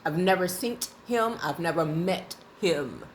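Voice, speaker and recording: A woman with a fairly low voice tells a rambling everyday story straight to camera. She talks in a loose, colloquial way and laughs often. A faint hiss sits behind her. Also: measured pace. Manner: animated, laughing, colloquial and conversational. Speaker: vlogger. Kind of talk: casual anecdotal storytelling.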